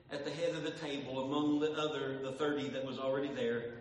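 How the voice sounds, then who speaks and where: A man preaching a sermon to his church, repeating phrases and rising into sung shouts. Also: medium pitch, level tone, quick pace, hardly any pauses. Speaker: pastor. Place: church sanctuary. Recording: echoey church hall, distant mic, faint ambience.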